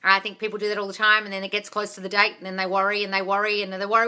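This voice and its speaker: A woman's voice: medium pitch, flat delivery, quick pace, sharp tone. A woman coach on a phone livestream, blunt and swearing freely, calling her viewers darling as she reads their comments aloud and answers them. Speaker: manifestation coach. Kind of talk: livestream Q&A chat.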